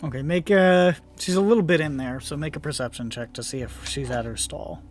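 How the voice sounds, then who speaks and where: A man's voice: a little high, a little fast, faint music behind. A man narrating as game master of a tabletop game, laughing often and briefly acting out passersby.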